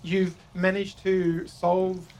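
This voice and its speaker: A man narrating as game master, halting, with many fillers and restarts. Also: high-pitched, completely flat delivery, darkish tone, slight background noise.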